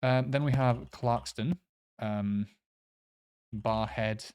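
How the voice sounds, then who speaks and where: Brief: male quiz player, slow and halting delivery, filler-heavy casual commentary. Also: medium pitch, steady tone, a little mellow, smooth. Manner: hesitant, many fillers, unsure pronunciations. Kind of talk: casual commentary while playing a map quiz.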